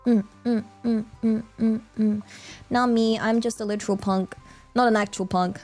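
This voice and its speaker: A woman's voice: a little high, flat delivery, normal speed, a little mellow, soft background music. A woman, chatting casually on a stream in a bubbly, rambling way with lots of fillers and giggles. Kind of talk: casual chat.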